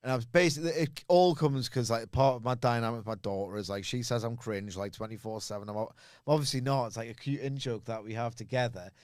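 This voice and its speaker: A man's voice: medium pitch, fast, hardly any pauses, a little mellow, dry recording, clean studio sound. A man co-hosting a casual podcast, rambling through stories with lots of fillers and restarts. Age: adult with a school-age daughter. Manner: rambling, filler-heavy storytelling. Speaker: podcast co-host, wrestling reviewer.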